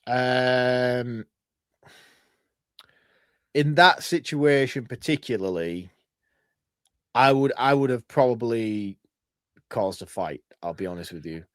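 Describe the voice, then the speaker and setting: A middle-aged British man, co-hosting a podcast, chatting casually and thinking his points through out loud. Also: mid-range voice, animated, takes it slowly, long pauses, smooth, no room sound, clean studio sound. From Britain. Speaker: podcast co-host. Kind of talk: casual chat.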